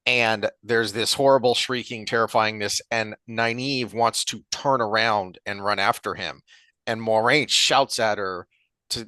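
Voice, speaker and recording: A man co-hosting a podcast, talking in a rambling, animated way with frequent restarts. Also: lowish voice, a little slow, no echo. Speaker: podcast co-host. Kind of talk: casual chat.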